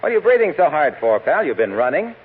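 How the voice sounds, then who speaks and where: Cheery salesman, smooth pitchman voice, lively, old tinny radio w/ hiss. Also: fast. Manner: smooth, eager pitchman delivery. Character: cheerful middle-aged salesman who slips into sales pitches. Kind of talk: 1940s radio comedy acting.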